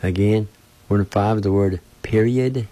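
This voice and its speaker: A man giving a language lesson, sounding out words syllable by syllable in a slow, deliberate, gently encouraging way. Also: on the low side, fairly even intonation, no echo. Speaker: language teacher.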